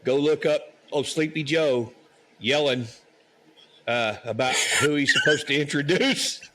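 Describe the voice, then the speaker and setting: A man's voice: on the high side, measured pace, very noisy. A man joining a remote podcast chat, talking bluntly and retelling stories with a joking edge. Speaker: podcast co-host.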